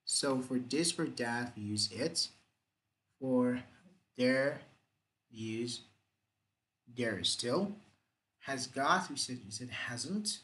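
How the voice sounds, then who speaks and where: Slow, deliberate male English teacher. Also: mid-range voice, lively intonation, bright, forceful tone, rough recording. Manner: slow, deliberate, repeats examples with exaggerated rising and falling intonation. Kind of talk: grammar lesson.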